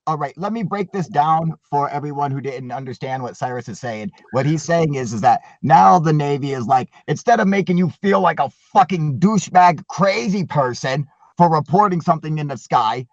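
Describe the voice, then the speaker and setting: A man's voice: fairly high pitch, expressive, moderate pace, few pauses, dry recording, dull audio. A man hosting a casual livestream, joking crudely and swearing a lot. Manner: crude, profane, jokey. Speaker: channel host. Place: at work.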